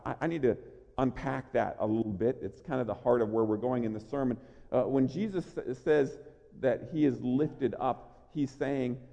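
A pastor preaches earnestly and emphatically, slowing down to stress key lines and repeating words as he gets started. His voice is slightly high yet mellow. The recording is muffled and carries the long reverb of a large church sanctuary.

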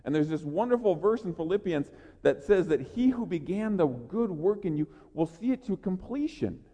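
A man preaching a sermon as a pastor, energetic and earnest, often repeating words as he builds. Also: high voice, normal speed. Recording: long reverb of a large hall.

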